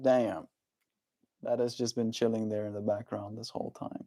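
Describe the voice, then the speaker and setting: A man chatting casually on a livestream, reading viewer comments and speaking to viewers in a gentle, encouraging way. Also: fairly low pitch, level tone, normal speed.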